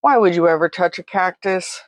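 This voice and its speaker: A woman voicing a father who talks to his scared daughter in a gentle, soft, reassuring way. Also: fairly low pitch, moderate pace, no room sound, close to an everyday voice. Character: calm, tender father comforting his daughter.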